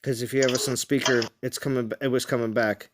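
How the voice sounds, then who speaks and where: A man's voice: mid-range voice, little pitch movement, quick pace. A man hosting a casual game live stream, rambling with lots of fillers and restarts. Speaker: game livestream host.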